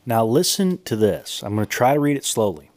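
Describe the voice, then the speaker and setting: Emphatic male podcast host, lively pitch. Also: a little fast. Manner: emphatic, incredulous, reads quotes aloud with asides. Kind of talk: monologue reading and commenting on sources.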